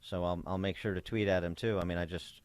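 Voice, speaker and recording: A man's voice: low-pitched, fairly even intonation, fast, a little mellow, clear, resonant tone, no echo. A man hosting a talk radio show, sarcastic and wordy as he banters and takes calls. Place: radio studio.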